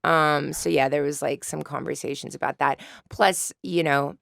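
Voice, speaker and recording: Deep-voiced woman w/ some fry, lively storytelling, russian native, dry studio sound. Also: moderate pace, no echo. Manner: animated storyteller, mimics voices. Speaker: actress guest. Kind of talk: casual interview chat.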